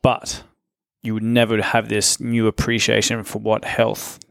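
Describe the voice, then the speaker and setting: A male coach in casual conversation, relaxed and encouraging, with lots of fillers. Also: lowish voice, a little slow, gravelly, dry recording, studio quality. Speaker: coach, trainer.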